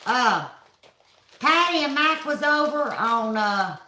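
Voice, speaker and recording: A woman's voice: high voice, animated, takes it slowly, pushed and bright. A woman hosting a casual live stream from home, chatty and folksy, greeting viewers by name. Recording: echoey room.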